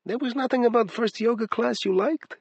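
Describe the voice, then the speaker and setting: A male narrator puts on a fond, teasing woman in her thirties with a light Eastern European accent. She talks bluntly, dropping small words. The voice is husky and close, with no room sound, as in a storybook audiobook. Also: extremely high pitch, a little fast, darkish tone, no echo, highs cut off, pitched above the performer's own voice, exaggerated voice. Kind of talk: audiobook character voice.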